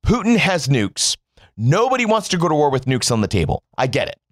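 A man's voice: fairly high pitch, wildly swooping pitch, brisk, no room sound, clean studio sound. A man from the United States delivering a sarcastic, profane opinion monologue as a political commentator.

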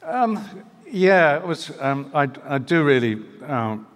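An older New Zealand man, a guest author, tells stories at a live book talk in a reverberant hall. His slightly high voice is sing-song and slow, and his delivery is wry and hesitant, full of fillers and restarts.

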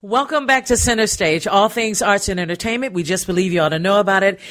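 A woman's voice: medium pitch, fast talker, a bit bright. A woman hosting a radio arts show, upbeat and chatty, laughing easily with guests. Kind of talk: radio interview.

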